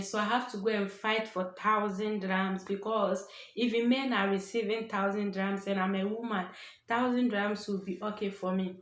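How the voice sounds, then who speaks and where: A Ghanaian woman vlogger telling a personal story casually, acting out what others said. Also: medium pitch. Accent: Ghanaian English. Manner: animated, acts out other people's voices. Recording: echoey room.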